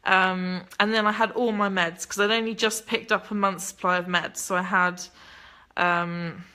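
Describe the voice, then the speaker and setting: Young woman, bright voice, frank and unfiltered storyteller who swears freely. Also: mid-range voice, steady tone, moderate pace, clear, resonant tone. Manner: blunt, candid, swears freely. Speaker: livestreamer reading chat. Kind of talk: casual confessional storytelling.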